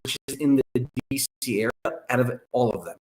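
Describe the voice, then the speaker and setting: A man speaking as a guest analyst on a podcast, explaining at length in a measured way. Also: mid-range voice, darkish tone, rough recording. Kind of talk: conversational podcast interview.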